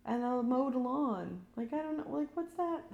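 A woman's voice: high voice, lively intonation, normal speed, gravelly, phone-quality sound. A young woman co-hosting a casual podcast chat, telling funny stories and acting out quotes with lots of giggles. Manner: chatty storyteller, giggly, acts out quotes. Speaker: podcast co-host.

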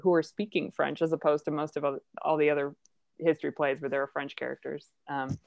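A woman hosting a casual chat about Shakespeare, chatty and quick to laugh. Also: low-pitched, steady tone, vocal fry, a little mellow, no room sound. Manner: chatty, laughs often, many fillers. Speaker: podcast host.

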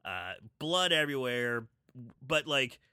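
Bright-voiced guy co-hosting a movie podcast, dry little quips, dead dry room. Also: medium pitch, big pitch swings, slow pace, smooth, no room sound. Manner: wry, chiming in with short quips. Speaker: podcast co-host. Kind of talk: casual movie chat.

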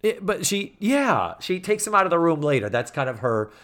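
A man in loose conversation on a podcast, walking through a TV episode scene by scene. He talks in an animated way and lifts his voice to play out the characters' lines. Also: a little high, moderate pace. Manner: animated, acts out quoted lines in a raised voice. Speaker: podcast co-host. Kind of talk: casual chat recapping a TV episode.

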